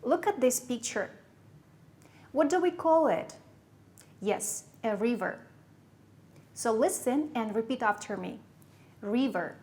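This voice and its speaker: A woman with a Kyrgyz accent teaching English to young pupils, slowly repeating and spelling out words. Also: fairly high pitch.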